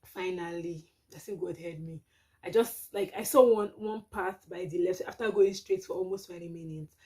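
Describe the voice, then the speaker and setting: Nigerian girl doing a storytime vlog, warm mellow voice, super animated and dramatic. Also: fairly low pitch, normal speed. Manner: animated, dramatic retelling with exclamations. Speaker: vlogger.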